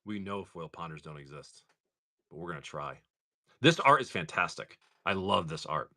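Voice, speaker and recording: A man hosting a live stream, chatting casually and excitedly to viewers as he opens card packs. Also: low voice, moderate pace.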